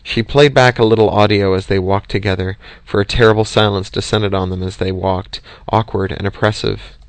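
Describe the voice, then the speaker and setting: A man narrates an audiobook at a steady, measured pace. His voice is low and gravelly. The recording is close and dry. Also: no echo. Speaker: audiobook reader.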